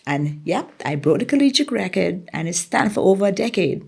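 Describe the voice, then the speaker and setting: A woman's voice: mid-range voice, sing-song, brisk, gravelly, a little mellow, husky. A middle-aged woman from the Bahamas with a Bahamian accent, a former track athlete telling her story in an interview, acting out quotes animatedly.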